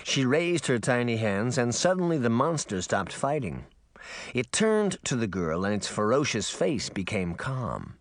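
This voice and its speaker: A man narrating a children's fantasy novel in an expressive, dramatic audiobook style. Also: mid-range voice, a little slow, no room sound.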